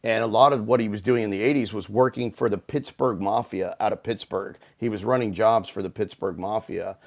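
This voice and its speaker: A low-pitched man from Houston tells his story as a guest on a podcast, talking casually over a video call. He rambles, restarts his sentences and fills the gaps with fillers. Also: fairly even intonation, a little fast. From Houston, United States.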